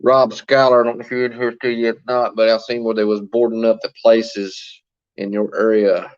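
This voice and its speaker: A man's voice: mid-range voice, level tone, normal speed, clean tone, lo-fi sound. A man hosting a casual livestream from his phone, chatting and greeting viewers by name as he answers their comments. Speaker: livestream host.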